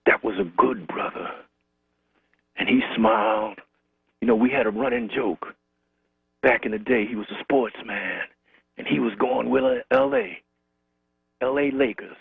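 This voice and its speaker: A man's voice: mid-range voice, lively intonation, unhurried, vocal fry, pauses often, husky, no echo. A man calling in to a talk show, remembering a friend in rhythmic, repetitive storytelling. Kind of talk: call-in tribute remembrance. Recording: tinny phone line.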